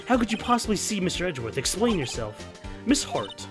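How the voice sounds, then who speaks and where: Casting: earnest young game lawyer, pressing and confrontational, lively lines, read by a man. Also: high voice, fairly quick, over music.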